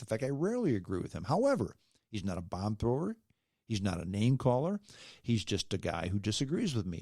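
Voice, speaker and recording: A man hosting a solo podcast, his pitch swinging widely as he drives his points home. His speech is emphatic and conversational, often closing a thought with a challenging "okay?". The sound is close and dry, with no room around it. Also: dark tone, no echo. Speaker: podcast host. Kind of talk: solo podcast opinion rant.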